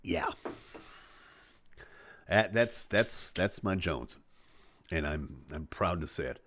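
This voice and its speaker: Man, lively pitch, dry close sound, jokey live-stream host. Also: slow, dry recording. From Chicago. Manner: animated, jokey, acts out voices. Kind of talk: casual live-stream chat.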